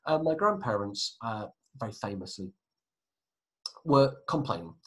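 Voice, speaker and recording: A man's voice: lowish voice, very animated, measured pace, a bit bright. A man teaching a history lesson in a chatty, digressive way, with self-mocking asides. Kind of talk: classroom lecture.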